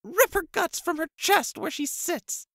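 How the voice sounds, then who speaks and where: A man's voice: extremely high pitch, animated, a little slow, vocal fry, fairly bright tone, no room sound, studio quality, voice pushed up, full character voice. A man voicing a vicious young princess, screeching bloodthirsty demands. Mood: shrieking.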